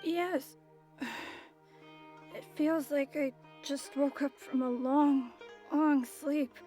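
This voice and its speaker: A woman's voice: high voice, fairly even intonation, extremely slow, mellow, soft background music. A woman voicing a timid, frightened young boy who speaks hesitantly. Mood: dazed.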